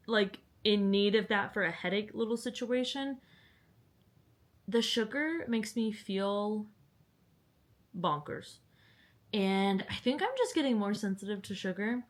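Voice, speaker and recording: A young woman, chatting to the camera at home about books in a giggly, rambling way. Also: mid-range voice. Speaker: book vlogger. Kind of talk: casual chat to camera. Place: at home indoors.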